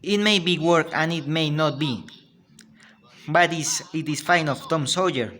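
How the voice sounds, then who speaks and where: A man's voice: fairly high pitch, a little slow, fairly bright tone, slight background noise. A man raising his voice for a clever scheming boy, with a Spanish accent. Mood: pleading.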